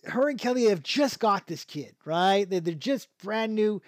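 Speaking at a measured pace in a high, animated voice, a male podcast host chats casually through a show review, rambling, restarting often and chuckling a lot. It's a dry, clean studio recording.

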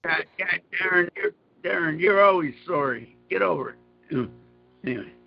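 A man's voice: sits high, moderate pace, gravelly, muffled recording, soft background music. A man hosting a show, talking in rambling, profane casual banter with stammering restarts. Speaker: podcast host.

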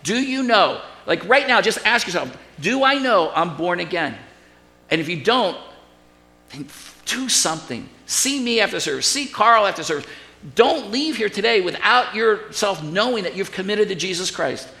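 A male pastor with a high, bright voice and a gravelly edge, preaching in a lively, conversational way that keeps circling back to repeat his points. His voice carries the long reverb of a church hall. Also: normal speed. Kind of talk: sermon. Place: church sanctuary.

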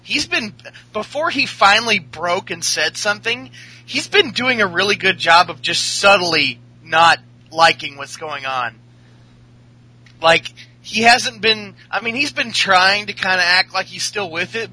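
A man co-hosting a podcast, talking about wrestling in a hesitant, halting way. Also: high-pitched, sharp tone, slightly rough, low-quality recording. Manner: hesitant, halting, many fillers. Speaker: podcast co-host. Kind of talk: casual wrestling chat.

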